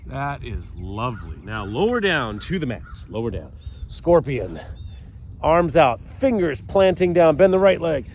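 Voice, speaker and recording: A man in his fifties leading a morning stretch outdoors, upbeat and jokey, a little stuffy and clearing his throat now and then. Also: mid-range voice, very animated, measured pace, darkish tone, a little hiss or hum. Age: 50s. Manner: upbeat, jokey, cues movements while doing them. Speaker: fitness coach. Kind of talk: guided stretching instruction. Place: outdoors on a mat on grass.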